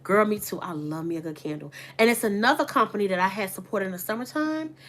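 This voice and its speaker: A woman's voice: medium pitch, animated, quick pace. A woman who runs an online boutique, chatting casually and candidly to her viewers. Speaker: online boutique owner and vlogger. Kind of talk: casual chat to camera.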